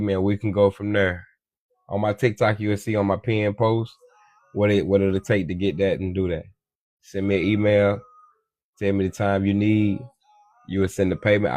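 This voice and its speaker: A lowish, darkish-toned male voice with no room sound delivers a casual, profane, preachy monologue about money. He's a social media commentator who often calls listeners "beloved" and keeps saying "you dig me."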